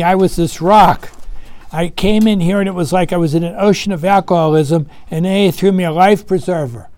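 Guy with a high voice talking earnestly at a recovery meeting, asks the room stuff, dry sound. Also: a little mellow, no room sound. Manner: acts out voices in his story.

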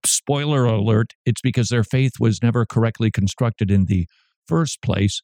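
A man's voice: mid-range voice, moderate pace, a little mellow, no room sound, studio quality. A man hosting a daily Christian commentary show, talking in a wry, conversational way with sarcastic asides. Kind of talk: casual commentary.

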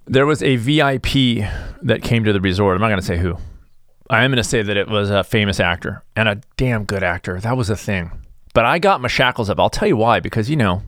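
A man's voice: lowish voice, a bit bright, dry recording, studio quality. A man hosting his own show, talking in a rambling, self-deprecating, stop-start comedic monologue. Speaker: host.

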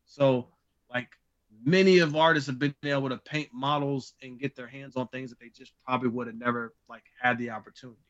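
A man's voice: medium pitch, steady tone, fairly quick. A man, a charity founder guest, chatting casually over a video call in a playful, teasing way. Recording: dull lo-fi call audio.

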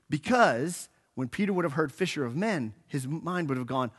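A man's voice: on the high side, moderate pace, hardly any pauses, slightly rough. A man preaching a sermon in church, telling the story casually and playfully, with a joke now and then. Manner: animated storytelling, acting out quotes; casual and joking. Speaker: pastor.

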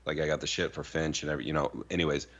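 A man's voice: rumbling low, racing, lo-fi sound. A man co-hosting a podcast, telling stories in casual chat with a lot of swearing and filler words. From Arizona, US. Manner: animated storytelling, heavy swearing, lots of "like". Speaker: podcast co-host.

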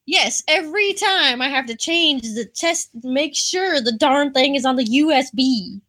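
Giggly woman player, somewhat high. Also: expressive, unhurried, bright, forceful tone. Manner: giggly and playful. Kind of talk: casual chat.

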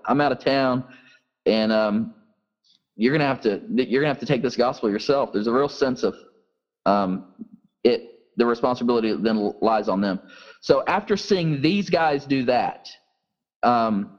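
Earnest man telling a story, lo-fi. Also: medium pitch. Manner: earnest, first-person testimony. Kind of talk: storytelling in an interview.

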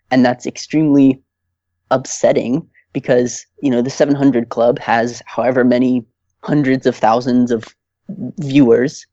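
A man talks in a heated, emphatic way, restarting his sentences as he goes. His voice is mellow and dark. The recording is dry and a little dull. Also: mid-range voice, dry recording. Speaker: podcast guest. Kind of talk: casual chat.

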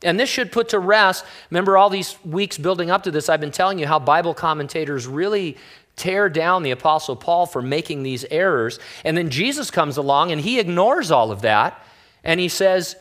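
A man, a pastor, preaching a sermon in a relaxed, conversational way with wry, joking asides. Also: on the high side, fairly quick.

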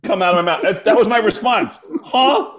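A man's voice: high voice, fast talker. A middle-aged man, a stand-up comedian, telling stories in casual chat and acting out the voices of the people in them. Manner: animated, acts out voices in stories.

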